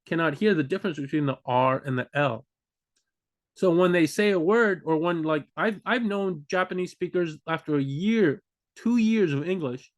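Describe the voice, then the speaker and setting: Rambling man with a fairly high voice. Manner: rambling, many restarts and fillers, acts out learners' confusion. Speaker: language learning vlogger. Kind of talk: unscripted casual talk to camera.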